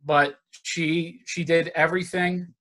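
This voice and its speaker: A man from Northeast Philadelphia giving an earnest personal recovery talk, halting with many restarts and fillers. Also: a little high, steady tone, bright, forceful tone. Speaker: guest speaker. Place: virtual forum presentation.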